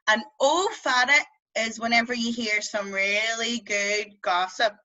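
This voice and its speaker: A woman's voice: on the high side, steady tone, measured pace, bright, forceful tone, dull audio. A woman with a West Belfast accent teaching a beginners' language class over a video call, chatty and playful, drawing out vowel sounds to demonstrate them. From Northern Ireland.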